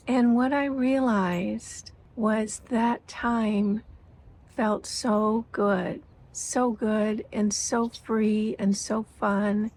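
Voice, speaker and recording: A woman's voice: fairly high pitch, darkish tone, a little hiss or hum, low-quality recording. A woman in her sixties talking to her viewers in a reflective, earnest monologue, telling personal stories with emotion and frequent laughter. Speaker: lifestyle vlogger.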